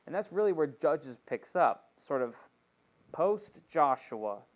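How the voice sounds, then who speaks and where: A man's voice: fairly high pitch, big pitch swings, slow. A man leading a Bible study as pastor, reading scripture and retelling the story in a joking, conversational way with playful asides.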